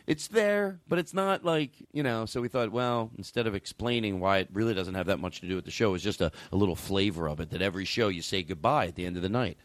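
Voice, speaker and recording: A man's voice: on the low side, fast talker, few pauses, dry recording. A man hosting a podcast, telling stories in a loose, rambling and profane way, with lots of restarts. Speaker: podcast host. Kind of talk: casual chat. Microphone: studio mic with a caller on the line.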